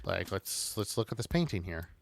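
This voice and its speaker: A man's voice: low-pitched, big pitch swings, normal speed, creaky. A man casually commenting on a video game he is playing, chatty and rambling. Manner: chatty, rambling, with many fillers and restarts. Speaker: let's play host.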